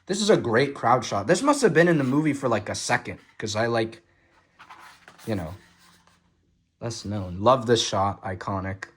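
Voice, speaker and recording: Recorded on a phone, a young male vlogger with a mid-pitched, slightly rough voice talks fast about a film photo book he's reviewing. He's excitable and enthusiastic, swears casually, and uses lots of fillers and restarts.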